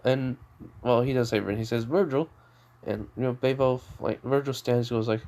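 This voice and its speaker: A man's voice: medium pitch, fairly even intonation, normal speed, darkish tone. Guy rambling through a made-up fan story, lots of "you know" and "basically", restarts a ton. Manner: rambling, full of fillers and restarts. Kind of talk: casual improvised storytelling.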